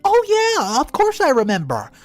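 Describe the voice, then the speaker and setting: A man's voice: high voice, very animated, brisk, faint music behind, pitched above the performer's own voice. A man voicing a supportive woman friend who speaks in a caring, reassuring way. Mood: concerned.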